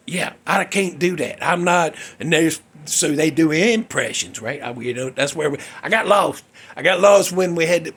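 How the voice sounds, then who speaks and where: A man's voice: on the high side, creaky, fairly bright tone, breathy edge. A man hosting a casual music talk show, rambling, mocking himself and losing his place. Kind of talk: casual chat.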